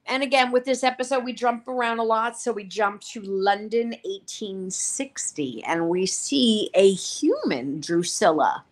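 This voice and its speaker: A woman's voice: mid-range voice, lively intonation, a little slow, few pauses. A woman co-hosting a show, casually recapping TV episodes in a rambling way, full of fillers and quoted lines. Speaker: podcast co-host reviewing a TV series.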